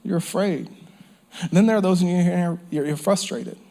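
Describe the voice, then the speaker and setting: A man's voice: high voice, moderate pace, dark tone. A man preaching a sermon as pastor, impassioned, repeating phrases and sometimes dropping to a whisper. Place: church or campground service.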